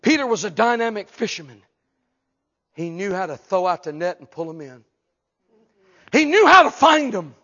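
A man preaching a humorous sermon, acting out voices and shouting for emphasis. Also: sits high, moderate pace, long pauses, lo-fi sound. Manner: animated, jokes and acts out voices, shouts for emphasis.

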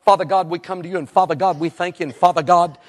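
A man's voice: high voice, fairly even intonation, quick pace, pitched above the performer's own voice, lightly acted. A man imitating a fervent male Cajun preacher who prays aloud and keeps repeating the same address in a rising chant. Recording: long reverb in a large hall.

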